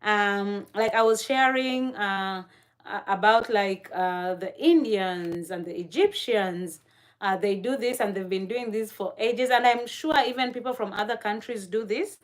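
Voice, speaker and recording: A woman chatting on a livestream in an unhurried, easygoing way. Her pitch sits in an ordinary middle range, and she laughs often and leans on lots of fillers while talking to the viewers in the chat. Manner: talks to chat viewers directly. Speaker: livestream host.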